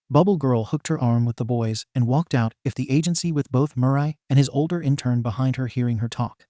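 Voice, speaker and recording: A man narrating a fan fiction story aloud, steady and plain, with a dark, mellow voice. The recording is dry and close, with no room sound. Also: mid-range voice, brisk, dry recording.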